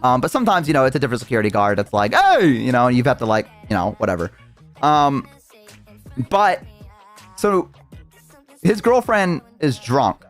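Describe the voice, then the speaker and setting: A man's voice: mid-range voice, sing-song, moderate pace, pauses often, soft background music. A young adult man, a streamer, telling a story in a rambling casual way, full of fillers and swearing.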